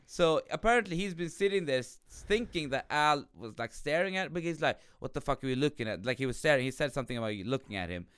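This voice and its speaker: A man chats on a casual podcast with a bright and smooth voice. His pitch moves a lot as he jokes and retells the story. The sound is dry and close. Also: animated, quick pace, few pauses, no echo. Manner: jokey, chips in to retell the story. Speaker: podcast co-host. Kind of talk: casual chat.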